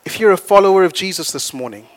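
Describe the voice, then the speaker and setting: High-voiced animated male preacher. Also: quick pace. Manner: animated storyteller, rising loud for stories and dropping soft for points. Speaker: pastor. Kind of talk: sermon.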